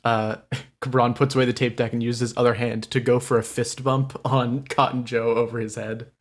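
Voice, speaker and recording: A man's voice: mid-range voice, little pitch movement, normal speed. A man playing a tabletop game, casually narrating his character's actions with many fillers. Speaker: player.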